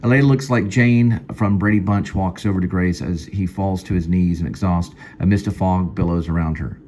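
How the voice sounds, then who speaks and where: A man casually reading his own screenplay aloud at home, halting and stopping to fix lines. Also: deep voice, darkish tone, a little hiss or hum. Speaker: screenplay reader. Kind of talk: casual screenplay read-through.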